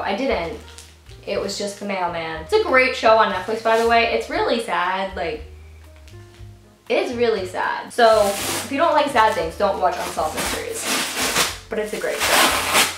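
A young woman vlogging an unboxing at home, gushing and excitable, often squealing and laughing. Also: medium pitch, normal speed, roomy sound, faint music behind, rough recording. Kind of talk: casual unboxing vlog.

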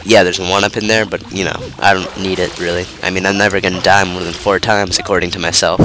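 A man's voice: deep voice, flat delivery, fast, noisy background. A young man with a stuffy, congested voice giving rambling, casual commentary while playing a video game. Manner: rambling, self-interrupting, lots of fillers. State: stuffy, nasal from a cold. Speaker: let's play commentator. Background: game music.

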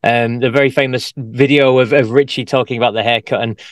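A male host asks his guest questions at a brisk clip, circling and restarting as he goes. His voice is mid-pitched. The sound is dry and close. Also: fairly even intonation, no echo. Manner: fast, halting questions with restarts. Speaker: interviewer host. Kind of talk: casual interview.

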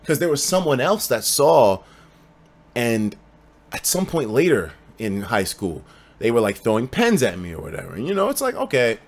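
A young male streamer in casual storytelling mode, his delivery very lively and full of rises and falls. He drops into quiet mutters, then bursts out loud. He swears freely as he talks to his viewers. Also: normal speed. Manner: animated, swings from low mutters to loud bursts.

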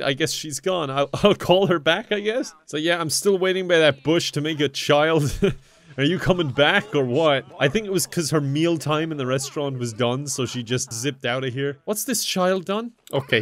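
Brief: young male gaming commentator, slightly high voice, laughs a lot, swears freely, excitable and jokey. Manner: talks to game characters in silly mock voices. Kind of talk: casual gameplay commentary.

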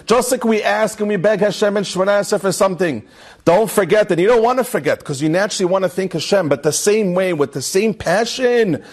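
A rabbi tells a story in his Torah class in a high, husky voice. He talks with animation and lifts his voice higher whenever he quotes the people in the story, mixing into his English. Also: fairly quick.

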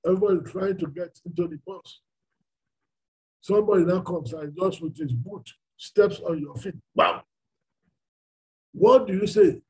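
Husky, high-voiced Nigerian preacher. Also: male voice, moderate pace, low-quality recording. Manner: emphatic, asking the listeners rhetorical questions. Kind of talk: sermon.

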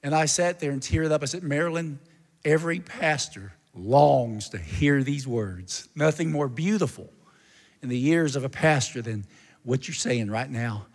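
A man's voice: mid-range voice, normal speed. A male pastor telling a story in a sermon, earnest and narrative, building to a fervent call to the congregation. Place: church sanctuary. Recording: long church hall reverb.

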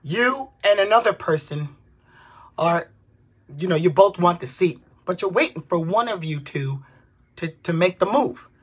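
A woman in her twenties, a vlogger, delivering an exasperated comedic rant, swearing and bursting into shouts. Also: fairly low pitch, lively intonation, unhurried, breathy edge. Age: 20s.

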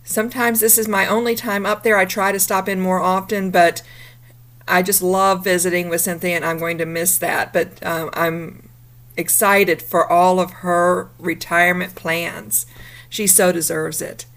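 Woman, slightly low voice, upbeat casual vlog chat, a bit of morning roughness. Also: flat delivery, a little slow, fairly bright tone. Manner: chatty and upbeat. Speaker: vlogger. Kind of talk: casual travel vlog narration.

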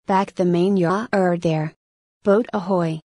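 A woman reading the lines of a brisk old male sea captain in an audiobook, calling out slow, deliberate commands. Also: fairly low pitch, steady tone, mellow, husky, no echo, studio quality, heavily acted. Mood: urging. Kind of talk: audiobook narration.

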